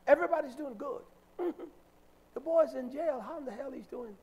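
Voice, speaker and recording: A man's voice: very high voice, a little mellow, voice pushed up. A man mimicking his complacent older sister, who drawls her words and hums "mm-hmm" constantly. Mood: smug. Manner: drawn-out humming mm-hmms.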